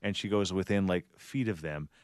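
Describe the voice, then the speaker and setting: A middle-aged man co-hosting a podcast, telling a long animated story and laughing along the way. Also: sits low, moderate pace, dry recording, clean studio sound. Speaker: radio show co-host. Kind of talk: casual storytelling chat.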